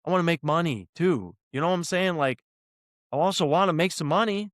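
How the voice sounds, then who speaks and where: A man's voice: fairly high pitch, fairly quick, fairly bright tone, dry recording, studio quality. A man co-hosting a casual podcast, worked up and ranting, swearing freely as he argues his point. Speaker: podcast co-host. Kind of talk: heated casual podcast discussion.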